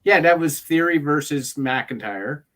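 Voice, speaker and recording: A man's voice: on the high side, lively intonation, a bit bright. Blunt, opinionated man in casual chat. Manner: opinionated, blunt, quick asides. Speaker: co-host.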